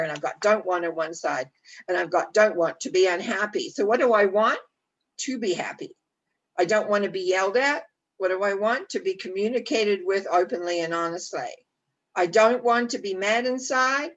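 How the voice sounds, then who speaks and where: A middle-aged woman giving a motivational talk on setting goals, gently guiding listeners through a visualization and often restarting her sentences. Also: mid-range voice, poor audio. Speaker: life coach.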